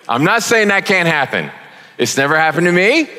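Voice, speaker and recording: A man preaching as a guest speaker, conversational and joking, with sudden loud emphasis. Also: fairly high pitch, sing-song, moderate pace. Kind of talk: sermon. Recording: long reverb of a large hall.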